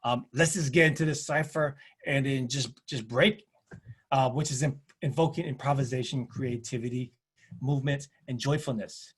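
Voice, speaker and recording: Husky man with rhythmic emphatic phrasing. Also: medium pitch, fairly even intonation, moderate pace. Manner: storytelling with acted quotes. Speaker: panel presenter. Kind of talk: presentation talk.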